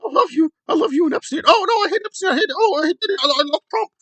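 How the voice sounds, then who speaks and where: Man doing a gushing mixed-up fan guy, squeaky high, flip-flops back and forth. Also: expressive, very fast, pushed and bright, no echo, full character voice. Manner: mocking, flip-flopping. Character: confused gushing male political fan.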